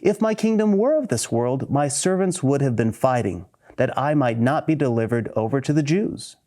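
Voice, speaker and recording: A man preaching a sermon, reading scripture aloud and explaining it in an earnest, measured way with rising emphasis on key words. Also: medium pitch, lively intonation, warm tone.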